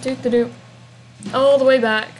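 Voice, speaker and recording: A woman's voice: a little high, fairly even intonation, moderate pace, slight background noise, poor audio. A young woman chatting through a video game walkthrough, rambling casually and humming little fillers as she goes. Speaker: gameplay walkthrough narrator.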